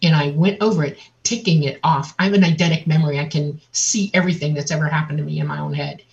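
A woman guest on an interview, telling a personal story in a lively way and acting out the voices of other people. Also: sits low, fast talker, vocal fry. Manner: vivid, laughs often, acts out quotes. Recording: dull lo-fi audio.

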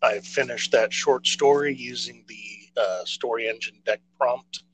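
A man's voice: medium pitch, a little slow, fairly bright tone, rough recording. A man co-hosting a casual podcast chat, rambling and hesitant with many fillers and restarts. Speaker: podcast co-host.

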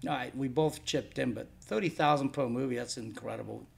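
Speaking a little fast, this DVD label owner has a mid-range, slightly rough voice with vocal fry. He's the guest in a casual interview chat, blunt, rambling and cursing freely about running his label.

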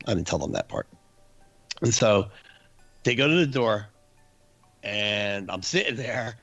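A man casually telling a spooky story from his youth, animated and laughing, acting out his friends' screams. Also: lowish voice, creaky.

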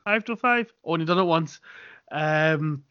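Scottish man, 20s, podcast host with a high voice, loose and profane storyteller, on a muffled lo-fi recording. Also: unhurried, dry recording. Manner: swears freely, rambling anecdotes. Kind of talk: casual chat.

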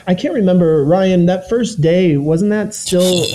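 A young adult man, formerly on a reality show, talks casually about the experience, rambling through plenty of fillers and quoting his own thoughts. His voice is high, warm, and unhurried, though the audio is poor.

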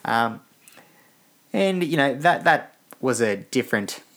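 A man's voice: mid-range voice, expressive, takes it slowly, a bit bright. A young man hosting a casual solo podcast, tired and rambling with many restarts. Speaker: podcast host.

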